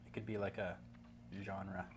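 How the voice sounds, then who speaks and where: A man's voice: low-pitched, flat delivery, moderate pace, a little hiss or hum. Laid-back West Coast Canadian man. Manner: laid-back, rambling with lots of fillers. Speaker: guest. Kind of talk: casual chat.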